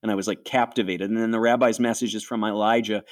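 A man in his forties, originally from Western New York, telling his own story in an interview. He speaks in a somewhat low voice, earnest and reflective. He often slips into his own past thoughts as he tells it. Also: fairly even intonation, fast talker. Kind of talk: personal testimony in interview.

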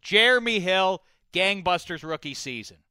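Guy hosting a goofy interview, super bright clear voice, playful and mock serious. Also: high-pitched, animated, normal speed, dry recording. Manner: jokey, bursts into loud exclamations. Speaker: comedy show host.

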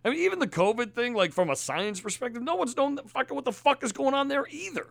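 A man hosting a podcast, ranting angrily with heavy profanity and loud emphasis. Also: very high-pitched, expressive, fast talker, creaky, no echo. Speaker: podcast host.

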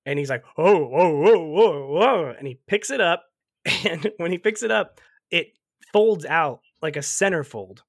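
A man on a podcast recapping a movie in casual chat, telling it with lively energy, laughing often and swearing freely. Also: on the high side, normal speed, gravelly, no echo, studio quality.

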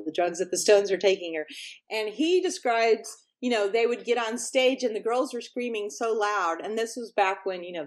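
A middle-aged woman musician from Texas, chatting as an interview guest and telling lively stories, acting out quotes and laughing often. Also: medium pitch. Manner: animated storyteller, laughs often, acts out quotes. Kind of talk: casual interview chat.

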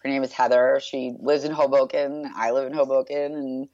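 A woman in her thirties from New York with a strikingly deep, low voice chats about her work as an interview guest. She is upbeat and loose, with lots of "like" and "um" fillers. The recording is dull and lo-fi, with a dry, close sound. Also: flat delivery, normal speed, mellow, no echo. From New York, USA. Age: 30s. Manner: chatty and upbeat, with many "like" and "um" fillers. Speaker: guest, brand founder. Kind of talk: casual interview chat.

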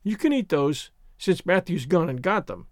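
A brisk, no-nonsense older spinster, as a male storyteller puts her on, scolding as she goes. The read is close and dry, with plenty of pitch movement. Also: very animated, no room sound. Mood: stern. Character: stern, practical older spinster woman.

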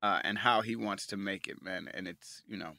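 A man in his forties co-hosting a podcast, talking in relaxed, slangy casual chat. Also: fairly low pitch, normal speed, creaky, no room sound. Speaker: podcast co-host.

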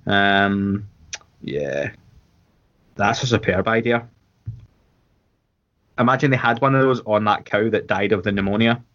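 A Scottish man with a lowish voice chats casually as a podcast co-host, rambling along with restarts and plenty of fillers. The audio is a little dull and lo-fi. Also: a little slow, pauses often. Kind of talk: casual watchalong chat.

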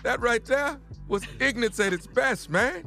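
Playful high-voiced man joking in studio. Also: expressive, normal speed, creaky, sharp tone. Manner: joking, playful, fumbles words for laughs. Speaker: radio comedian. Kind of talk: studio banter. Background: music.

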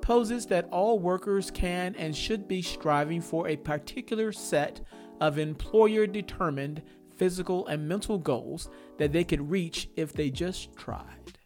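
A man's voice: high-pitched, measured pace, darkish tone, soft background music. Reflective male podcast host. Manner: thoughtful, reflective, laughs now and then. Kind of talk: solo opinion podcast.

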